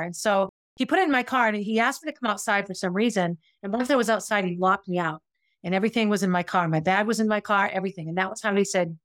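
A middle-aged woman tells her own story in a candid, reflective and confessional way. Her voice sits at a medium pitch. It is recorded close and dry, with no room sound around it. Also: fast talker, fairly bright tone, no echo. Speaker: podcast host. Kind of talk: personal storytelling.

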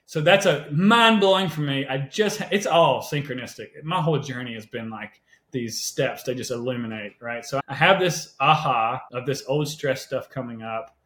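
A man telling personal stories as a podcast guest, animated and conversational, often checking in with "right?". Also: medium pitch, normal speed. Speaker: podcast guest, health coach. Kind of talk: casual storytelling interview. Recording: roomy echo.

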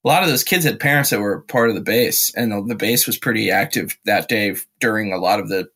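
Animated man telling a story. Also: lowish voice, fairly quick, slightly rough. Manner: animated storyteller, slips into voices. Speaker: podcast guest, musician and actor. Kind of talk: casual chat.

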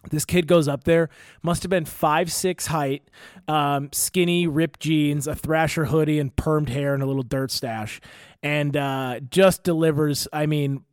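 A man's voice: on the high side, steady tone, unhurried, smooth, no room sound, clean studio sound. Swearing young guy telling a rambling story. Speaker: podcast co-host and comedian. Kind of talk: casual chat.

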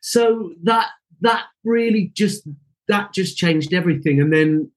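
A man in his forties from the UK, a guest actor telling stories in a casual interview, animated and acting out the voices of people he quotes. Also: sits high, unhurried.

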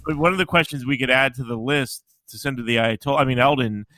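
A man's voice: mid-range voice, fast, pushed and bright. A man co-hosting a casual podcast chat, wry and joking, often laughing at his own lines. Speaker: podcast co-host. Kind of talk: casual chat about fantasy baseball.

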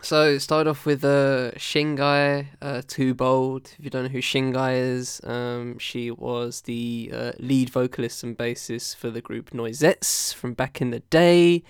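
A man's voice: mid-range voice, fairly even intonation, measured pace, few pauses, clean tone, no room sound, studio quality. A man hosting a casual podcast, talking through albums in a loose, rambling way with many fillers and restarts. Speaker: podcast host reviewing albums. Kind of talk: casual chat.

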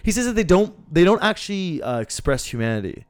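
A young man, a student, chatting as a podcast guest, eager to explain things and quick to mock himself. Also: high voice, sing-song, clear, resonant tone, no room sound. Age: young adult. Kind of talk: casual podcast chat.

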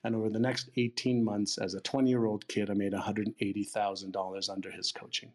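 A man's voice: lowish voice, brisk. A man in his sixties telling a long personal story in an interview, acting out the dialogue with a casual, blunt manner. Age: 60s. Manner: lively retelling, acting out quoted dialogue, casual swearing. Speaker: interview guest. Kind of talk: storytelling in a conversation.

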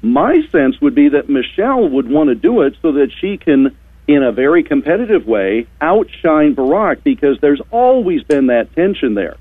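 A wry, sarcastic male commentator heard over a tinny phone line. His pitch moves a lot, and the sound is dry. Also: big pitch swings, moderate pace, husky, dry recording. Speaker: radio guest commentator. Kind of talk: opinionated radio commentary.

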